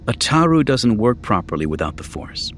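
A man reading a calm young male warrior who speaks quietly and steadily. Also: medium pitch, moderate pace, a little hiss or hum, close to an everyday voice. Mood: reassuring.

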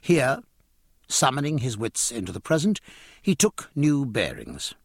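Brief: male audiobook narrator, husky tone, animated delivery. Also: mid-range voice, no echo, clean studio sound. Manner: expressive, measured storytelling. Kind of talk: scripted narration.

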